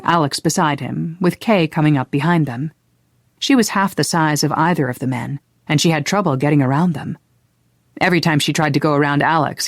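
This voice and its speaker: An audiobook narrator reading a historical romance in an even, unhurried way. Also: medium pitch, no room sound, studio quality. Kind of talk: scripted narration.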